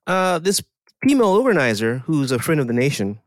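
A man's voice: big pitch swings, normal speed, pauses often, no echo. A man co-hosting a casual podcast, rambling and sardonic in his opinions. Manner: sardonic, rambling, sudden pitch swings. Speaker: podcast co-host.

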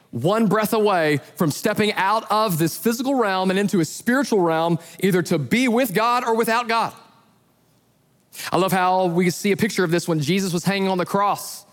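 A male pastor preaches in a light, high-pitched voice, telling stories with lively acted-out voices. His words ring with the long reverb of a large church hall. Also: moderate pace. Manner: animated storyteller who acts out voices in his retellings. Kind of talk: sermon.

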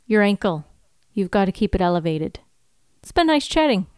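A woman's voice: mid-range voice, very animated, normal speed, darkish tone, clear, resonant tone, dry recording, clean studio sound, natural voice. A woman reading a TV scene, voicing a brash, teasing Scottish male runner with a put-on Scottish accent. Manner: playful, teasing, calls people brother. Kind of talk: read-through of a TV scene.

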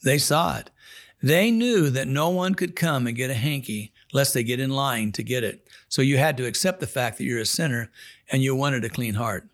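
A man's voice: mid-range voice, moderate pace. A man, a chaplain, telling a story from the pulpit in an earnest, folksy way, acting out the dialogue. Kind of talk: storytelling sermon.

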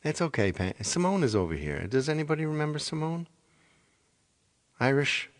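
A man singer chatting casually with viewers on a live stream, rambling and repeating his phrases. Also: low-pitched.

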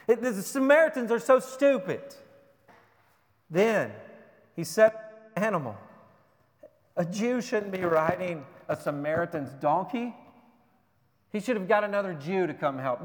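A man's voice: high-pitched, a bit bright. A man preaching a sermon as pastor, emphatic, firing rhetorical questions and repeating words as he drives points home. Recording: long reverb of a large hall.

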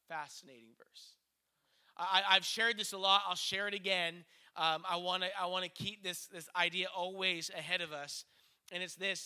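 A man's voice: high-pitched, fairly even intonation, moderate pace, sharp tone, clear, resonant tone. A man preaching a conversational sermon as pastor, earnest, with frequent restarts and acted-out asides.

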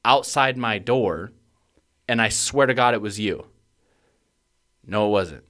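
A young man co-hosting a podcast, casually telling a story, swearing freely and getting loud and worked up as he relives a panic. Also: mid-range voice, normal speed. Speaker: podcast co-host.

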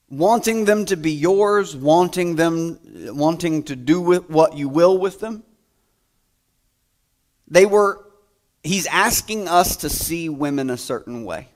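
A man delivers a sermon at an unhurried pace, his voice sitting a little high. He tells stories, jumping up loud for quoted lines and dropping to quiet asides. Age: adult, grew up playing school basketball. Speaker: pastor.

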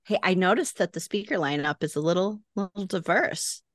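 A woman with a Chicago accent rambles through casual podcast chat, peppering her talk with "like." Her voice sits a bit low and sounds dry and close to the mic. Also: animated, brisk, no room sound. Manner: rambling, full of "like". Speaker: podcast co-host.

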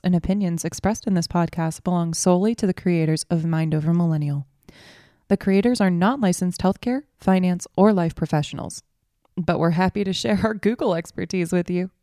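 A woman reading a podcast disclaimer in an even, formal way. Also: lowish voice, normal speed, dry recording, clean studio sound. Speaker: disclaimer announcer. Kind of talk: scripted read.

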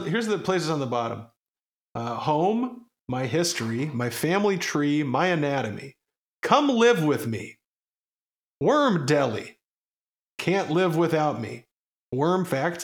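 A man co-hosting a podcast, chatting casually and reading aloud in a goofy, meandering way with plenty of swearing. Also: fairly high pitch. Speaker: podcast co-host. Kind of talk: casual chat.

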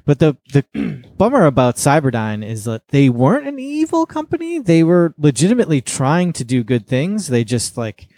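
Casting: young man, mellow warm tone, dry close mic, calm explainer in a podcast. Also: on the high side, moderate pace, few pauses, no echo. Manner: patient, explaining and correcting. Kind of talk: casual chat.

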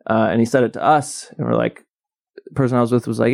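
A man's voice: medium pitch, flat delivery, brisk, vocal fry, a little mellow. A man co-hosting a podcast in casual banter, telling an anecdote and tossing out wry jokes. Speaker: podcast co-host.

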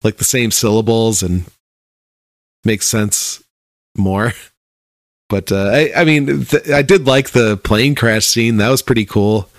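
A man's voice: fairly low pitch, slow pace, pauses often, no room sound, clean studio sound. A man co-hosting a casual chat about a TV show, laid-back, swearing and laughing often. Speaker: podcast co-host.

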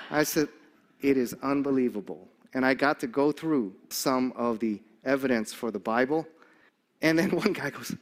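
A man's voice: medium pitch, moderate pace. An older man preaching a sermon, telling stories animatedly and acting out the voices of the people he quotes. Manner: animated storyteller, acts out quoted voices, chuckles often.

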